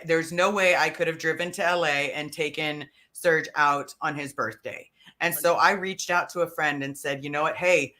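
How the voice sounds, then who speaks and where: A woman's voice: sits low, sharp tone. A woman hosting a casual livestream, talking in a chatty, rambling way. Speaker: livestream host.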